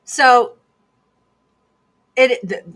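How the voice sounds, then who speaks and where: Woman host, blunt casual monologue, kinda high voice, repeats stuff for emphasis. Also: very slow, a bit bright.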